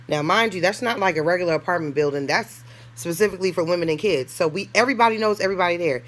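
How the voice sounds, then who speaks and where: Racing along in a lowish voice, a woman vlogger recounts something that happened to her in a casual storytime monologue. Blunt and candid, she leans on slang and swearing, laughs as she goes, and performs other people's lines.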